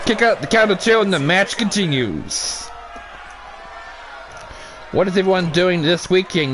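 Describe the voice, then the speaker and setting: A high-voiced man calls a wrestling video game play by play, chatting casually between moves and yelling when the action spikes. He swears now and then. A faint hiss sits under the recording. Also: normal speed, pauses often. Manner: excitable, shouts big moves, casual and swears. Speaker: YouTube gaming commentator.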